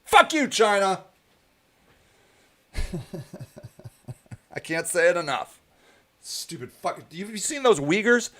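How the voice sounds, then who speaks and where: A man hosting his own show, giving heated, profane political commentary that often breaks into shouting. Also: high-pitched, sing-song, takes it slowly, long pauses. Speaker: show host.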